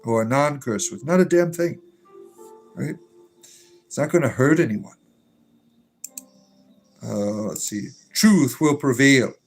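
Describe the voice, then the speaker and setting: A man's voice: medium pitch, animated, takes it slowly, pauses often, a little mellow. Irreverent man rambling on a livestream. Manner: irreverent, profane, rambling with many fillers. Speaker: livestream host reading chat. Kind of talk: casual livestream chat. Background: faint music.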